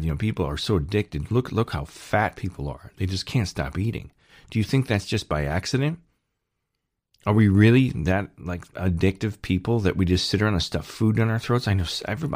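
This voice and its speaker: A man's voice: sits low, a little mellow, no room sound, clean studio sound. A man hosting his own channel, talking in a rambling monologue with sarcastic jokes and frequent restarts. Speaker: channel host.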